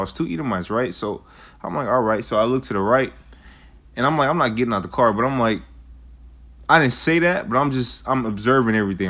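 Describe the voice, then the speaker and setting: A man's voice: fairly low pitch, a bit bright. A young man telling a rambling, profane personal story in a casual way, with lots of fillers. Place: Arizona.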